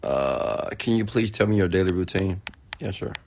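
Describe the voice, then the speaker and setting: Host type: low gravelly man, rambling and excitable livestream chat, answers viewer comments, recovering from food poisoning. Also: moderate pace, slight background noise. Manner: rambling, excitable, lots of restarts. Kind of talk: casual late-night livestream chat.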